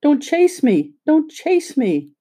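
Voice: medium pitch, expressive, a little slow, warm tone. A reader voicing a timid little china princess. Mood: frightened. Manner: timid, fearful.

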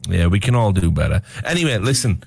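A Welsh man guesting on a podcast, drunk and swearing, teasing the others and breaking into loud mocking voices. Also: low-pitched, sing-song, quick pace, creaky, slightly rough, dry recording, studio quality. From Wales. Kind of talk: casual banter.

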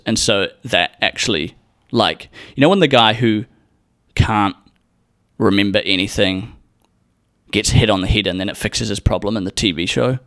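A man's voice: lowish voice, normal speed, fairly bright tone, no echo, studio quality. Swearing guy telling a story. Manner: rambling, swears a lot, acts out quotes. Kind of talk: casual storytelling.

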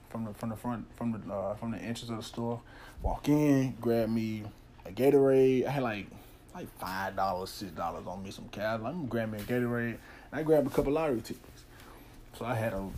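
A man hosts his podcast and tells a long personal story in a loose, candid way, repeating phrases and swearing freely. His voice is mellow and dark-toned. A faint noise sits under the recording. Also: mid-range voice. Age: adult, father of a son. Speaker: podcast host. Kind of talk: casual storytelling. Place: Nashville area.

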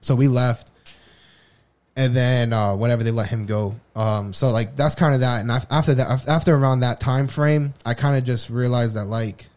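A man's voice: mid-range voice, normal speed, darkish tone. A man co-hosting a podcast, telling a personal story in a candid, rambling way full of restarts. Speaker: podcast co-host. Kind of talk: casual personal chat.

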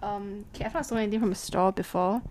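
A young woman co-hosting a casual podcast chat with a friend, giggly and animated, often restarting her sentences. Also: medium pitch, racing, slight background noise. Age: young adult. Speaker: podcast co-host.

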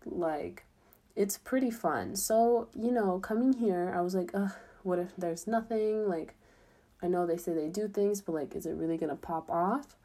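A woman's voice: lowish voice, moderate pace, dark tone. A young woman, chatting casually in a vlog, full of fillers and upbeat. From United States. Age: young adult. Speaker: student abroad.

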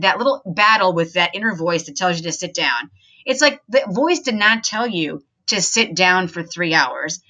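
Woman, podcast host, earnest and chatty, lots of fillers, bright tone. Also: medium pitch. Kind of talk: casual self-help monologue.

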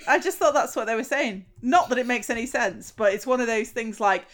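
A woman's voice: on the high side, fairly quick. A woman chatting casually and rambling about misheard song lyrics, laughing often. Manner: giggly, rambling. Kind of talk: casual banter.

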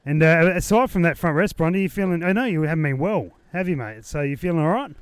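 Joking man with a smooth voice. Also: on the high side, expressive, fast, no room sound. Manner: jokey, matey banter. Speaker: podcast host interviewing competitors. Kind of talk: casual on-site interviews. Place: outdoor shooting range.

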